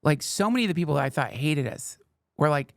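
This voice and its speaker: Gravelly man in casual podcast chat. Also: on the high side, expressive, fast talker, no room sound, clean studio sound. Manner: profane, storytelling. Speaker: parent.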